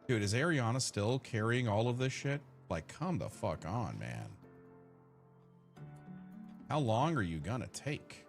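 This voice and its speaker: At a measured pace with frequent pauses, a man with a medium-pitched voice and big pitch swings streams a game over soft music. He chats casually and profanely, joking with viewers and talking to his characters.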